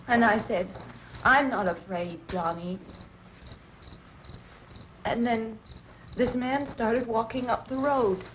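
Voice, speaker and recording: An actress playing a shocked young woman who haltingly recounts an attack and breaks into sobbing screams, from an old horror film on a dull home VHS tape. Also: on the high side, a little hiss or hum. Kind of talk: 1960s horror film acting.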